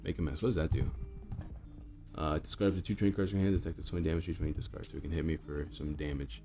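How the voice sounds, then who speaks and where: Young guy w a hoarse groggy low voice, rattling off card game commentary fast, chatty, faint music behind. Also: steady tone, mellow. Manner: chatty, thinks aloud with fillers. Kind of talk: casual gameplay commentary.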